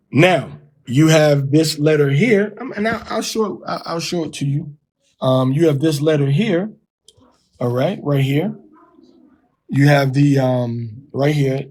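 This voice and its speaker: A middle-aged man teaching Hebrew pronunciation, explaining patiently and repeating words slowly to demonstrate sounds. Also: medium pitch, a little mellow, husky. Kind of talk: Bible Hebrew pronunciation lesson.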